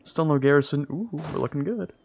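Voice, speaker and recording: A man's voice: on the high side, fairly quick, creaky, breathy edge. A young man hosting a multiplayer strategy game session, thinking aloud and chuckling between moves. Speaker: host playing a strategy game. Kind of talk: casual gaming chat.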